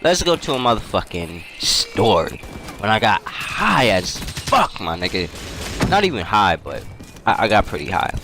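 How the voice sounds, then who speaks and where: A young man, a gaming YouTuber, tells a story loosely and slangily while playing, laughing often, over video game gunfire and clicks. His voice is on the low side, sing-song, at a measured pace.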